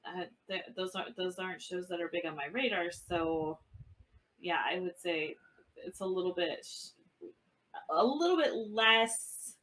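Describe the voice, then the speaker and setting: A woman's voice: lowish voice, a little slow, a bit bright, low-quality recording. A woman in her forties co-hosting a podcast, casually talking through a film review and thinking aloud. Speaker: podcast co-host. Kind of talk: casual movie review chat.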